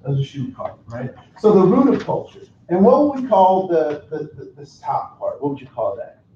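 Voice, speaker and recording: A man's voice: on the high side, big pitch swings, brisk, warm tone, slight background noise. Joking male trainer in a roomy space. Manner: conversational, joking, asks the audience questions. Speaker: cultural competence trainer. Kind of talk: interactive workshop talk. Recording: roomy, dull lo-fi room recording.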